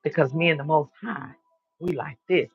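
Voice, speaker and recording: A man's voice: on the high side, normal speed, vocal fry, husky, muffled recording. A man hosting a live stream, giving an emphatic spiritual monologue and repeating his declarations, with casual swearing.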